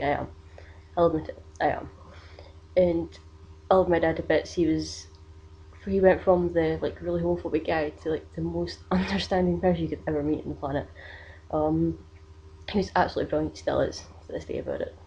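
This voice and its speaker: A woman's voice: fairly low pitch, mellow, highs cut off. A young woman, telling a personal story in a casual vlog, rambling with many fillers. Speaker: vlogger.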